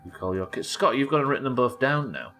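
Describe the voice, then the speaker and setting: A man's voice: medium pitch, lively intonation, quick pace, fairly bright tone, soft background music. An English man casually commentating a live game stream, wry and sweary, bantering with his viewers as he plays. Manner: wry, sweary, chatting to viewers while playing.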